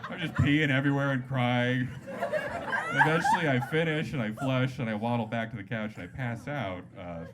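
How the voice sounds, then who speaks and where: A man performing a stand-up set on a comedy club stage into a handheld mic, loose and jokey, breaking into loud voiced-up quotes. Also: mid-range voice, fairly quick. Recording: live club set with loud audience noise. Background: loud audience laughter.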